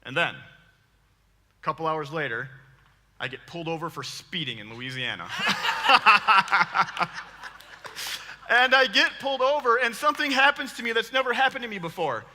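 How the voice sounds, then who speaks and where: Male preacher, 30s, high bright voice, playful storytelling sermon, big church hall reverb. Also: measured pace, long pauses. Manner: animated, joking, laughs often. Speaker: guest preacher.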